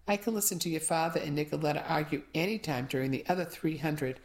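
A woman's voice: sits low, quick pace, a little mellow, lightly acted. A woman voicing a young husband muttering a wry complaint aside.

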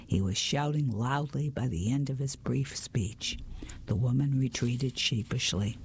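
Gravelly man whispering a story. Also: medium pitch. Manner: slow, hushed reading with small slips. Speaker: reader.

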